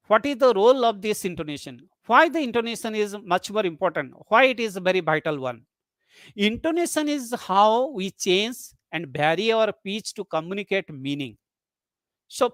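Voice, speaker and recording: A methodical lecturer delivering an academic webinar, defining terms and then restating them to make sure they sink in. The pitch sits in a middling range, and the recording is close and dry with no room sound. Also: a bit bright, dry recording. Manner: methodical, explains step by step with repeated definitions. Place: online webinar.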